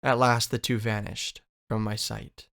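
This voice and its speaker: Brief: man reading a lovesick young dreamer, smooth, earnest, wistful. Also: fairly low pitch, flat delivery, unhurried, fairly bright tone. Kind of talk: dramatic reading of a novel.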